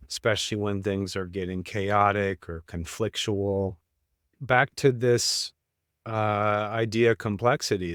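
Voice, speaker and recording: Male podcast host; slow, measured, lower-pitched delivery. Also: dry recording, clean studio sound. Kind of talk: reflective interview talk.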